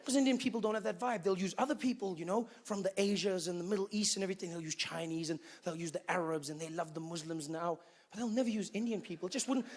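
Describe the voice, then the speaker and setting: A male stand-up comedian performing a routine in an animated way, full of "you know" asides. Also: high-pitched.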